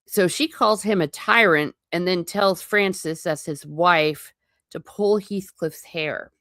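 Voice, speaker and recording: A woman's voice: on the low side, slow, fairly bright tone, no echo, clean studio sound. A woman hosting a live book reading, breaking in with chatty, wry asides. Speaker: book channel host.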